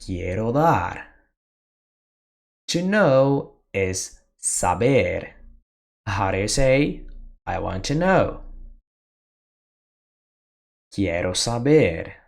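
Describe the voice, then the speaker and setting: A teacher giving a beginner Spanish lesson, drilling words and phrases slowly with pauses for the listener to repeat. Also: mid-range voice, very animated, creaky. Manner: slow, deliberate drilling with pauses for repetition. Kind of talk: slow beginner language lesson.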